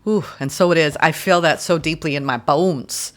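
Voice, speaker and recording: A woman giving a guided tarot and astrology reading in a gentle, soothing way, speaking in slow, deliberate phrases. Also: low-pitched. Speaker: tarot reader.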